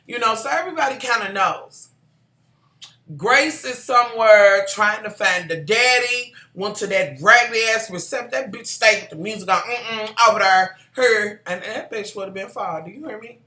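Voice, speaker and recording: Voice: mid-range voice, moderate pace, bright, forceful tone, roomy sound. A vlogger recapping a TV drama in casual chat, sassy and profane, calling viewers y'all and honey.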